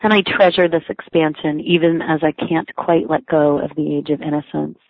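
This woman reads her own blog essay aloud at a normal speed, her low voice delivered flatly yet with a wry, self-mocking, lightly amused touch. The tinny, phone-like recording is dry, without any room sound.

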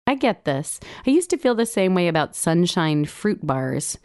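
A woman reading her own personal essay aloud, with wry, gently humorous storytelling. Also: fairly low pitch, very animated, normal speed, hardly any pauses, no room sound, clean studio sound. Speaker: blog writer reading her own entry.

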